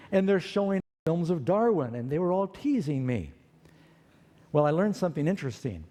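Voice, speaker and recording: A man preaching, telling his own life story in an animated way and acting out the voices of people in it. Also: on the high side, in a large hall. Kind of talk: storytelling sermon testimony.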